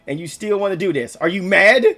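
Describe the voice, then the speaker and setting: A man reading game dialogue aloud, voicing an excitable older male schemer who keeps shouting in exasperated bursts. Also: brisk, soft background music. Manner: shrill, panicked, exasperated outbursts.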